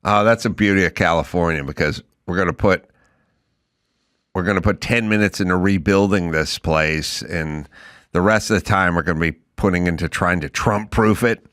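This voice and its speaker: A man hosting a talk show, ranting casually and profanely in animated banter. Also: low-pitched, moderate pace, no echo, studio quality. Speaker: podcast host.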